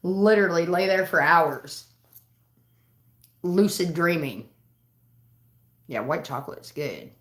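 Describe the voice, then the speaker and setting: A woman's voice: on the low side, lively intonation, takes it slowly, long pauses, fairly bright tone, roomy sound. A woman chatting casually on a livestream from home, rambling and swearing freely. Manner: profane, rambling storytelling. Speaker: live streamer.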